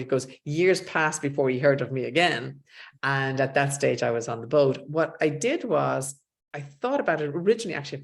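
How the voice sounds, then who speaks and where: A woman's voice: extremely low pitch, creaky. A middle-aged woman, an author talking as a guest in a casual interview and telling stories, quoting other people's lines as she goes. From Ireland. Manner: animated storyteller, quotes others in dialogue.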